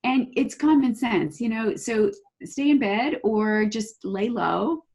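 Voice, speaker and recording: A woman guest in an interview, explaining her views in a lively way and acting out the voices people use in their heads. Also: on the high side, takes it slowly. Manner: animated, acts out inner voices while explaining. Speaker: guest, holistic practitioner.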